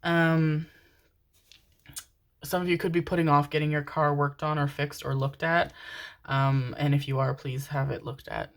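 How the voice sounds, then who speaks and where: Low-pitched woman doing a rambly pick-a-card tarot reading, chatty and giggly. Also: little pitch movement, measured pace, long pauses. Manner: chatty, rambling, laughs often.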